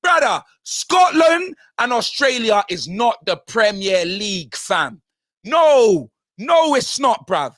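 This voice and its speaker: A man in a furious, shouting football rant, his voice high and lively. The flies fast and his delivery stays heated throughout. The sound is dry and close. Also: no echo. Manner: ranting, shouting, heavy slang. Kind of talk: angry football fan rant.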